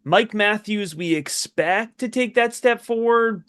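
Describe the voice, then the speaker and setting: Man, guest on draft stream, slightly high voice, casual, laughs easily. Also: a little slow, a bit bright, clear, resonant tone. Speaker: guest co-host. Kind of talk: live-streamed fantasy draft chat.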